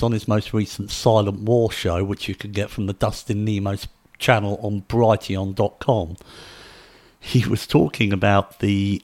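With a fairly low, darkish voice, a man from the United Kingdom talks conversationally on his solo podcast and drives points home with emphasis.

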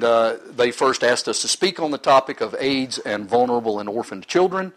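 A man's voice: lowish voice, fairly bright tone, poor audio. A middle-aged man in ministry giving an earnest, sometimes emotional personal testimony to a live audience.

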